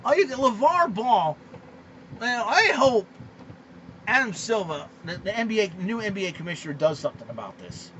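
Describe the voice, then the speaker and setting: A man hosting a podcast, ranting about sports in an excitable, indignant way, repeating himself with lots of fillers. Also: sits high, moderate pace, slight background noise, poor audio. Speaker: podcast host. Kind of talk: ranting sports commentary monologue.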